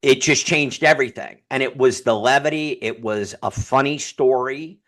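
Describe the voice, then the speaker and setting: A man who is a guest on a podcast, speaking as a humor consultant, telling stories in a sarcastic, animated way. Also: medium pitch, moderate pace. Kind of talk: casual podcast interview.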